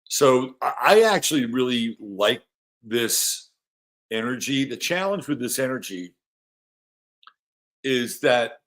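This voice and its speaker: A man's voice: mid-range voice, sing-song, slow pace, pauses often. A man hosting an astrology podcast, talking casually and rambling, often repeating himself as he goes. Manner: coos softly to his dog.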